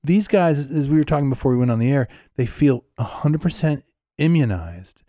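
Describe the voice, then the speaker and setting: A man with a mellow, dark-toned voice speaks emphatically on a podcast, pressing his opinions between laughs. The recording is dry and close-miked. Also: medium pitch, lively intonation, brisk, no room sound. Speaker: podcast co-host. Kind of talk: casual chat.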